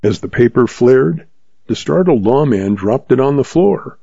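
A man reads a western story aloud in a steady, measured way. His voice is gravelly and husky, with a dark tone. The recording is dry and dull. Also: medium pitch, no echo. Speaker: narrator. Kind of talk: scripted western story narration. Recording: dull lo-fi sound.

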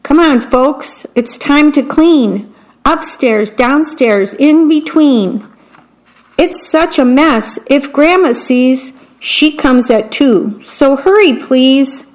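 A woman's voice: high-pitched, expressive, slow pace, pitched above the performer's own voice, poor audio. A woman voicing a bossy storybook mother who orders her family to tidy up, in a raised voice.

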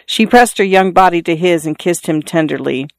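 A narrator reading a literary story aloud as an audiobook, in a measured, even storytelling manner. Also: mid-range voice, gravelly, dry recording.

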